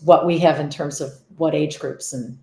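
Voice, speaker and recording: A woman's voice: low voice, steady tone, moderate pace, warm tone, echoey room. A woman guest on a faith podcast, talking about children's activities in an earnest, emphatic way. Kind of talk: conversational interview.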